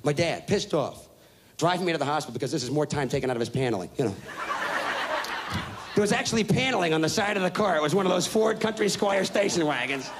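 A man in his thirties doing stand-up comedy, telling a profane story in a brash, rapid-fire way with shouted punchlines, on a live stage. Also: on the high side, lively intonation, background noise.

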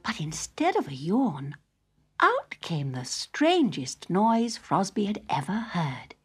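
A woman narrating a children's story in a gentle, expressive read-aloud manner. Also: on the low side, slow pace, husky.

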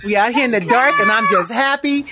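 A woman's voice: on the high side, a little fast, very noisy. A woman in her fifties from California with a casual, exclamatory vlog manner, showing off fresh seafood outdoors at night. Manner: exclamatory, laughs often, chatty. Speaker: vlog host, personal chef. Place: outdoors at night, family gathering. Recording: crowd of family chatting behind.

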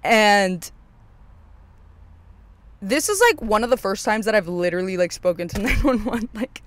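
A young adult podcast host telling a story casually, swearing often, full of fillers, acting out their own past lines, and swinging high and loud when excited. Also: normal speed, a little hiss or hum.

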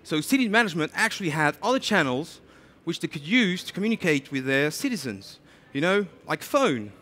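A man giving a lively conference talk, chatty and animated, often saying "you know". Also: on the high side, fairly quick. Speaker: conference speaker. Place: conference stage.

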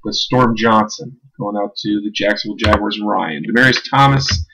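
A man's voice: fairly low pitch, normal speed, creaky, background noise. A man hosting a live-streamed card break, casually calling out each card and who it goes to. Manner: casual, chatty, calls out cards and names.

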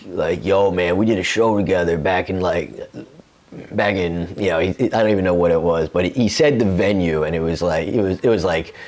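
A man's voice: low-pitched, darkish tone. Laughing, profane male comedian. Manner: rambling, profane, laughs often. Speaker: comedian host. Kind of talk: casual storytelling chat.

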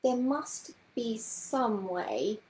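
Woman doing a prim sharp witch. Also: high voice, animated, a little slow, echoey room, rough recording.

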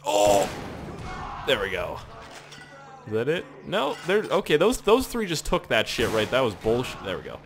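Excitable gaming host, swearing and yelping. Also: male voice, mid-range voice, moderate pace, noisy background. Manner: excitable, swears often, laughs and yelps at surprises. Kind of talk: casual gameplay commentary.

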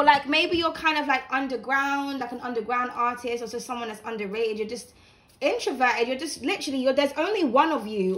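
A young woman with a bright, high-pitched voice reads tarot cards to her viewers from home. She talks casually and warmly, with plenty of fillers and restarts as she encourages them. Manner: chatty, warm encouraging, many fillers. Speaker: tarot reader. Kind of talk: casual tarot reading to camera. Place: home room with blinds open.

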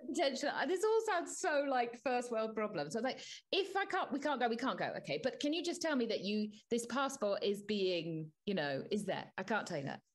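A woman co-hosting a podcast in casual chat, telling an exasperated story with animated energy. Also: on the high side, a little fast, hardly any pauses. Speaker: podcast co-host.

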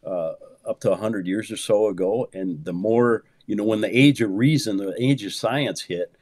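A man's voice: moderate pace, dry recording. Emphatic pastor in his fifties, dry sound. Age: 50s. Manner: emphatic, swings from low murmurs to loud high exclamations; peppers speech with "man", repeats words for emphasis. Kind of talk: animated conversational preaching.

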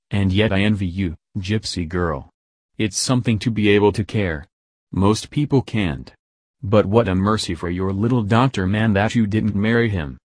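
A man reading the lines of a poised, worldly woman who teases and probes her young friend in a measured way. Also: on the low side, darkish tone, dry recording, studio quality, natural voice.

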